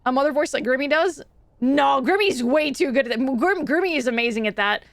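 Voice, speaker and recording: A woman's voice: high voice, animated, fairly quick, no echo. A woman streaming a video game, chatting casually with her viewers and laughing often. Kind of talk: casual live-stream chat.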